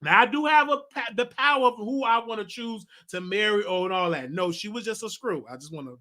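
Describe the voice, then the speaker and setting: A man hosting a show and telling a personal story in a rambling, animated way, with laughter and many restarts. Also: sits high, fairly quick. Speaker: talk show host. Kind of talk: casual storytelling monologue.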